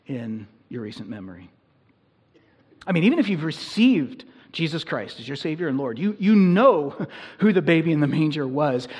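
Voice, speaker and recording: A man preaching a sermon to his congregation in a church, in an earnest, conversational manner that builds in intensity. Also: a little high. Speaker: pastor. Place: church sanctuary.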